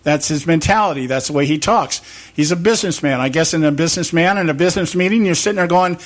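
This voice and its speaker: A man with a slightly raised voice talks opinionated politics in a loose, rambling way. He keeps firing rhetorical questions and acts out quick imagined exchanges between people. It sounds like a casual solo talk show host working through a point. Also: fairly high pitch.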